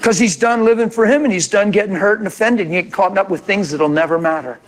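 A man pastor telling a story in a sermon, acting out each person's lines with lively dialogue. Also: high voice, fast. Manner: animated, acts out quoted dialogue.

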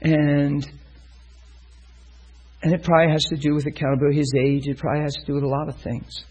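A man preaches, working through a story and bringing it to life by acting out its voices. His voice is husky, a little breathy, and sits somewhat high for a man. He is telling a story from the pulpit. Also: level tone, a little fast, a little mellow, rough recording. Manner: storytelling, acts out voices in quotes. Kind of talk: sermon.

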